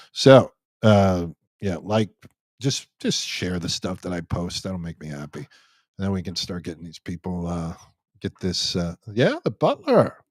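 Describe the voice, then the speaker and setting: A man's voice: low-pitched, a little mellow, no room sound. A man hosting a live Q&A stream, chatting casually as he reads out viewer comments and jokes around with many restarts. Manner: rambling and joking, many restarts.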